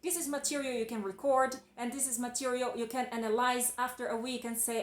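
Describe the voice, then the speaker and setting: A woman's voice: on the high side, flat delivery, brisk, hardly any pauses, reverberant. A Brazilian woman with a Portuguese accent, a native Portuguese speaker, giving an emphatic, casual English lesson as a teacher. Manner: emphatic and loud.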